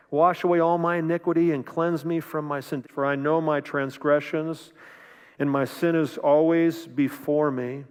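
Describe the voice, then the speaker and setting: Guy pastor preaching casual, kinda high voice, lots of restarts, church hall echo. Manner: conversational, acts out quoted voices, many restarts. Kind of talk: sermon. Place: church sanctuary.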